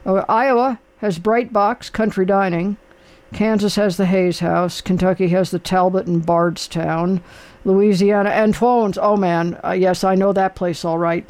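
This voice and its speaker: A man's voice: high voice, fairly even intonation, unhurried, darkish tone, clean tone. Rambling, chatty older man. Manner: rambling, chatty, many fillers. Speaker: radio host. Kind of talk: casual chat.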